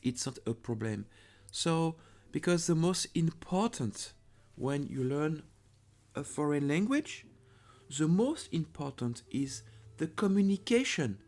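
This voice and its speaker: A man with a French accent, a native French speaker, teaching a language lesson slowly and carefully, often pausing and repeating French words. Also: on the high side, very animated, darkish tone.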